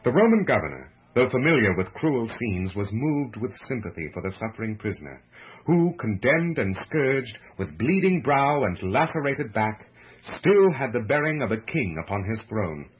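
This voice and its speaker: A man narrating a religious book with a slow, measured, solemn delivery, heard on a muffled lo-fi radio recording. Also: fairly low pitch, very animated, breathy edge.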